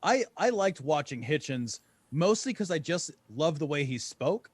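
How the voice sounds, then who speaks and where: A man's voice: a little high, moderate pace, no echo. A man co-hosting a podcast, chatting casually and jokingly and acting out other people's voices. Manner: lively, joking, acts out quoted voices. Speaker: podcast co-host. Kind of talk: casual chat.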